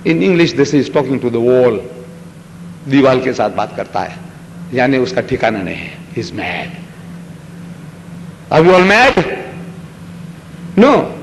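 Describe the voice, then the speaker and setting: A man's voice: medium pitch, big pitch swings, quick pace, gravelly, long pauses. An older man giving a lecture to a live audience, theatrical and full of rhetorical questions, switching between English and Hindustani as he acts out little scenes. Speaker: public lecturer on religion. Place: large lecture hall. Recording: echoey hall with faint background noise.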